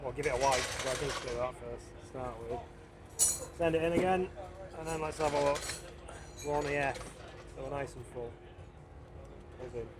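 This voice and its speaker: A man's voice: medium pitch, normal speed, long pauses, very noisy. A man chatting in jokey, swearing banter and laughing easily. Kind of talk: casual banter. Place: outdoor race paddock.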